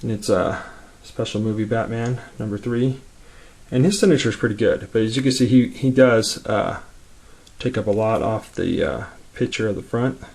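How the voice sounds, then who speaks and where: A man casually showing his collection, rambling along quickly with lots of fillers. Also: on the low side, creaky, a little mellow. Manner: rambling, laid-back, many fillers; talks quickly. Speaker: comic collector vlogger. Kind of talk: casual show-and-tell.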